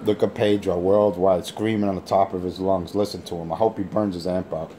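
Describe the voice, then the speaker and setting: A man trash-talking rivals over a handheld radio mic, boasting and taunting in a slow drawl. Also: low-pitched, steady tone, dark tone, a little hiss or hum. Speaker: CB radio operator. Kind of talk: on-air radio banter.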